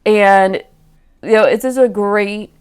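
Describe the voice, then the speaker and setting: A woman's voice: mid-range voice, steady tone, takes it slowly, a little mellow, smooth. A woman hosting a reaction channel, recapping an episode in casual, chatty commentary with lots of fillers and quoted asides to the characters. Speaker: reaction video host.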